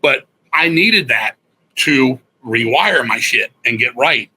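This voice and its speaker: A man's voice: medium pitch, expressive, slow pace, pushed and bright, husky. A middle-aged man, a guest musician, telling a candid story in a profane, rambling way, often restarting his sentences.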